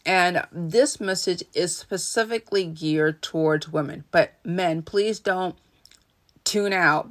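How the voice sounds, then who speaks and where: A woman hosting a solo podcast, talking in an earnest, instructive way about communicating, with short pauses between her phrases. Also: fairly low pitch, fairly bright tone. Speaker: podcast host and coach. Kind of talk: solo motivational podcast talk.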